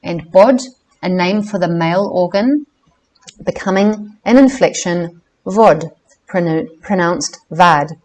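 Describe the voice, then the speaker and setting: A woman with a somewhat low voice reads a book aloud. She keeps a careful, measured pace and stops to fix herself on difficult words. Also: warm tone, poor audio. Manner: careful, measured reading with self-corrections on names. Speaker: reader of a book.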